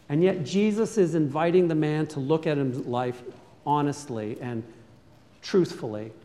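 A man with a high voice preaches a sermon, asking his listeners questions and then pressing them with short, urgent commands. His words ring out with a long reverb inside a church. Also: warm tone. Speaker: pastor.

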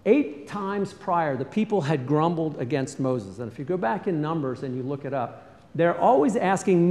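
Earnest preacher in a reverberant hall. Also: male voice, animated, moderate pace. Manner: earnest, varies loudness, often drops to a soft low tone. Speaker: pastor. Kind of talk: sermon.

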